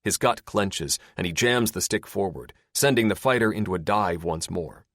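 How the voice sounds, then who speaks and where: A man's voice: sits low, moderate pace, a bit bright, no room sound, clean studio sound. A man narrating an action-heavy audiobook in a dramatic, scripted style.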